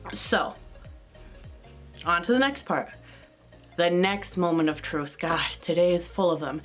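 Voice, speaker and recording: A woman's voice: fairly low pitch, animated, takes it slowly, pauses often. A young woman talking casually in a vlog, rambling with lots of fillers and a bit out of breath. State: out of breath on a treadmill. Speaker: vlogger. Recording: music playing behind.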